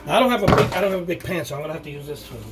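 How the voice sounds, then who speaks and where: A man hosting a casual home cooking video, talking in a rambling, halting way with many restarts. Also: on the high side, lively intonation, very noisy. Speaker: cooking show host.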